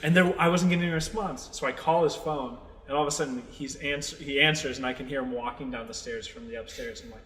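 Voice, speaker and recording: A man's voice: medium pitch, steady tone, fast talker, few pauses, fairly bright tone, echoey room, long reverb tail. A young man in his twenties co-hosting a podcast, telling a long story in casual chat, rambling with lots of fillers and swearing. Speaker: podcast co-host.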